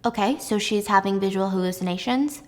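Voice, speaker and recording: A woman's voice: mid-range voice, fairly quick, a little mellow, lightly acted. Woman doing a brusque male doctor. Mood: wary. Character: successful male doctor in his forties, impatient.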